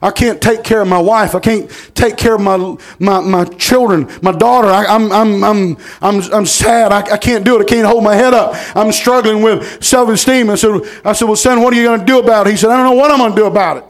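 A middle-aged man, preaching a sermon in a folksy storytelling manner, repeating words and rising to shouts. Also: high-pitched, fairly quick, hardly any pauses.

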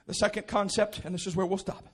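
A pastor preaching a sermon in a church, moving from quiet teaching to loud, shouted exhortation. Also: male voice, high voice, level tone, fast talker, breathy edge. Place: church auditorium.

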